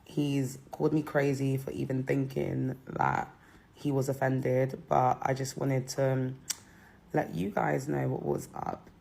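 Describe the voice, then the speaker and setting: A young woman from Britain giving a candid, hesitant apology with many pauses. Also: very deep voice, flat delivery, vocal fry, dark tone. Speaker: reality show contestant. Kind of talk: apology statement.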